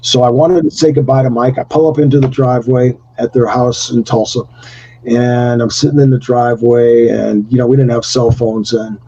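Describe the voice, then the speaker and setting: An older retired wrestler telling a story in an interview, acting out the voices in it and laughing often. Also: male voice, flat delivery, normal speed, mellow, muffled recording, slight background noise. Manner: acts out quotes with jumps in pitch, laughs often. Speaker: retired pro wrestler, guest.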